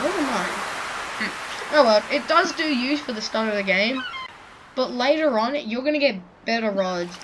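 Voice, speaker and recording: A woman giving rambling, chatty commentary while playing a farming video game, full of likes and restarts, with loud game music behind her. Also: on the high side, background noise. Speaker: gaming video creator. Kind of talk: let's play commentary.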